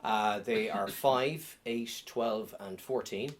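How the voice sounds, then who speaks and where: A middle-aged man doing a deadpan stand-up comedy set on a club stage, with many ums and uhs. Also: lowish voice, slow pace, heavy background noise.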